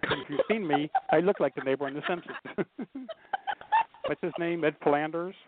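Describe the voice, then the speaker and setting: Over a tinny phone line, a man with a slightly high voice tells funny stories at normal speed as an interview guest, with a faint hiss or hum behind him. He's an animated humorist who performs the voices of the people he quotes.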